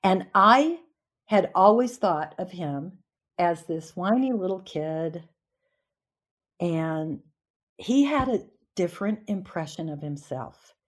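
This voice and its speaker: Woman in her sixties, podcast guest, lively storyteller, does voices of people in her stories. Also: fairly low pitch, takes it slowly. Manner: animated storyteller acting out voices. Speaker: union leader and former teacher.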